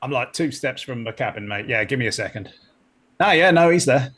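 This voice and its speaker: A man's voice: mid-range voice, animated, fairly quick, a bit bright, slightly rough. A man voicing an evasive starship crewman in a put-on Cockney accent that drifts toward Australian, calling everyone "mate". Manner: says "mate" constantly, dodgy and defensive.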